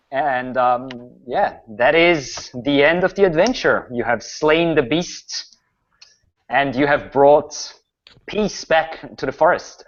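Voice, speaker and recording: Slow, dramatic game master, a man. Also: medium pitch. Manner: slow, dramatic narration with groans and sighs. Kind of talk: narrating a tabletop game online. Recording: muffled lo-fi audio.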